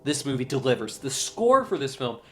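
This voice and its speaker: Excitable man gushing about a film. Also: medium pitch, fairly quick, a little hiss or hum. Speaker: show host, film reviewer. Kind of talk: enthusiastic solo movie review.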